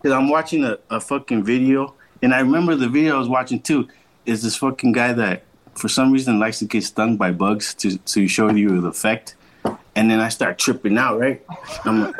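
In a rough recording, a young man with a medium-pitched voice casually relates a long podcast story. He's slangy and laid-back, swears often, and performs the lines of everyone involved in their voices.

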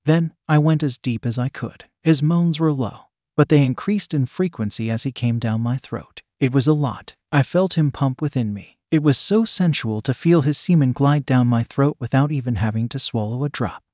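A man's voice: mid-range voice, normal speed, few pauses, a little mellow, dry recording. Man reading a story, dry voice. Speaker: narrator. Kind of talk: first-person story reading.

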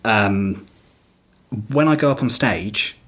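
A man's voice: fairly low pitch, slow pace, a bit bright. A male stand-up comedian in casual podcast chat, talking reflectively with fillers and restarts.

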